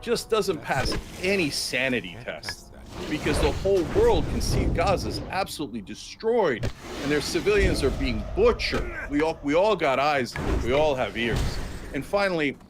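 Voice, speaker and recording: A man's voice: a little high, very animated, normal speed, over music. A man giving impassioned political commentary, emphatic and indignant, with mocking mimicry of opponents.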